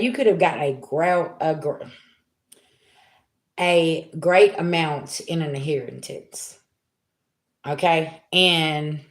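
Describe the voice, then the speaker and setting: Chatty woman tarot reader, roomy echo. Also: sits low. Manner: chatty, talks straight to viewers, frequent "okay?" and "y'all". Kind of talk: casual tarot reading to viewers.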